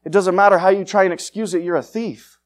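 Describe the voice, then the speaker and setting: A man preaching an evangelistic sermon, confrontational and fiery, swinging between loud urgent lines and hushed ones. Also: high-pitched, fairly even intonation, fast talker.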